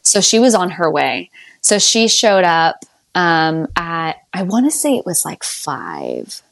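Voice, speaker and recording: Animated woman telling her birth story. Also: measured pace, gravelly, dry recording, studio quality. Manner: animated, laughs often, jumps up high when quoting herself. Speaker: podcast guest sharing her birth story. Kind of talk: casual conversational storytelling.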